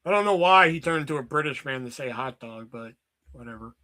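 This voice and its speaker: A man's voice: mid-range voice, lively intonation, a little fast, bright, forceful tone. A man chatting casually from his basement at home, rambling and joking with plenty of swearing. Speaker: streamer. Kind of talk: casual chat.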